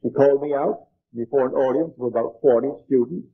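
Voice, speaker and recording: An older man giving an earnest spiritual lecture, telling stories in a measured way, on an old archival tape. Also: medium pitch, vocal fry, breathy edge, narrow, tinny audio.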